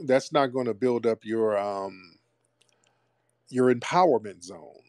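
A man's voice: medium pitch, takes it slowly, no echo, clean studio sound. A man hosting a call-in radio show, questioning a caller in a teasing, mocking way.

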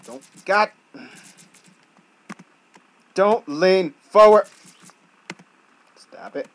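Guy playing a game, slow talker, yells at the game then mutters, pitch all over, little hiss behind. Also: big pitch swings, rough recording. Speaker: gaming YouTuber. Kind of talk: gameplay commentary.

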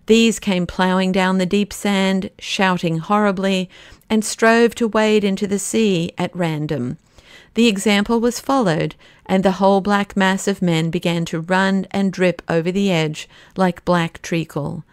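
A woman narrating a classic novel as an audiobook, in a measured delivery that slows down for the dramatic passages. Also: mid-range voice, steady tone, smooth, no echo, studio quality.

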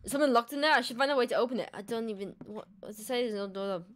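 A woman's voice: fairly high pitch, very fast. A young woman playing a horror game and commenting in a joking, self-mocking way. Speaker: gamer. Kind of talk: let's play commentary.

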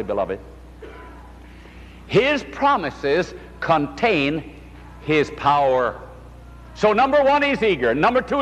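Fervent older male preacher in a reverberant hall. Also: a bit bright. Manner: fervent, with wide pitch swings and rhetorical questions. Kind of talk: sermon.

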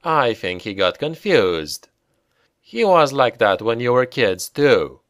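A man reading the part of a dead father who returns, speaking slowly and gently like a patient old dad. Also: mid-range voice, big pitch swings, clean tone, no echo, studio quality. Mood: calm. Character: calm, ghostly older father smoking a pipe.

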